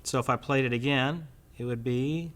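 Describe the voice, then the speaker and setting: A man's voice: medium pitch, moderate pace. A man teaching a guitar lesson step by step, patiently counting beats aloud as he plays. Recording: loud guitar under the voice. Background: his own guitar playing.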